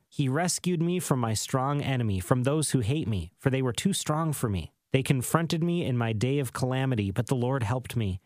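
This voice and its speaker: A man giving a steady scripted Bible reading, measured and dropping low on the closing words of phrases. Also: dry recording. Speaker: scripture reader.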